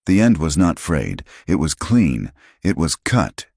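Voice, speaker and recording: Quiet watchful woman, read by a man, slow deliberate blunt delivery. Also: very deep voice, huge pitch swings, vocal fry, husky, dry recording, studio quality, exaggerated voice.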